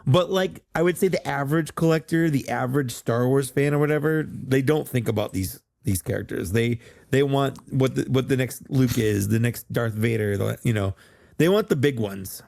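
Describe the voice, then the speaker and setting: A man co-hosting a podcast in relaxed, casual chat, loose and full of fillers and restarts. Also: mid-range voice, normal speed, creaky, no echo, clean studio sound. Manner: laid-back, loose, many fillers and restarts. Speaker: podcast co-host.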